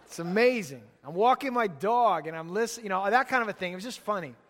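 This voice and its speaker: A man in his late thirties, a pastor, preaching a sermon and telling stories in a relaxed, chatty way. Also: high voice, quick pace, a little hiss or hum. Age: late 30s. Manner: relaxed, chatty storytelling with laughs. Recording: long hall reverb.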